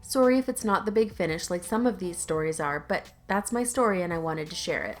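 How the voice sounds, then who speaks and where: A woman's voice: on the low side, expressive, a little fast, faint music behind. A woman narrating online stories aloud in a conversational, lightly sarcastic reading style, with casual asides. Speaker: YouTube story narrator.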